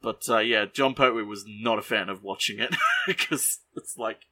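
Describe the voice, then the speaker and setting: A man co-hosting a podcast, casually sharing behind-the-scenes trivia in a halting way, full of ums and likes. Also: fairly low pitch, pushed and bright. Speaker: podcast co-host.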